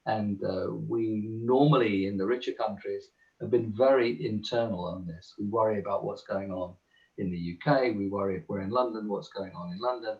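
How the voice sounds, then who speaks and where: A man giving a measured, emphatic webinar talk from home over a video call, pausing often with "uh". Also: on the low side, dull audio. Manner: measured, emphatic, frequent "uh" pauses. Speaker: panel speaker. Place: home in the countryside.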